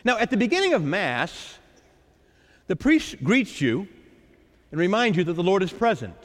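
Animated priest preaching in a reverberant church. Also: male voice, high voice, moderate pace. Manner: animated, dramatizing the Lord's and disciples' lines. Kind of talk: sermon. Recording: echoey church with long reverb.

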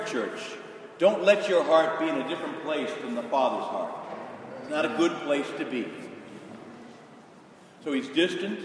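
A man preaching a sermon in a large church, emphatic and rising to shouts for stress. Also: on the high side, slight background noise. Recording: echoey hall from far off.

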